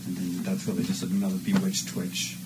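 A man's voice: sits low, completely flat delivery, a little fast. A man casually directing voice actors, giving instructions with lots of fillers. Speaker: recording director. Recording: loud background noise.

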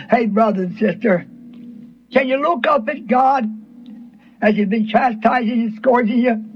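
A middle-aged male radio preacher speaks in a high, breathy, husky voice. His delivery is earnest and halting, full of restarts and repeated words. The sound is dull and lo-fi, like an old radio broadcast. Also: lively intonation. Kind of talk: sermon.

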